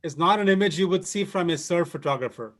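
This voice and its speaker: A man's voice: high voice, fast talker, fairly bright tone. A man hosting a live conversation, offering short, enthusiastic reactions and comments. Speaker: host. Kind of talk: casual interview chat.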